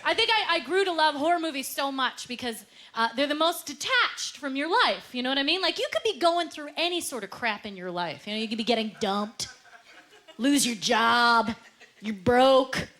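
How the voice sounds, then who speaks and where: Speaking fairly quickly with hardly any pauses, a Canadian stand-up comedian with a high voice works a live comedy club crowd. She brings lots of energy, laughing through punchlines and performing the voices she quotes. Crowd noise, laughter, and room sound come through in the live recording.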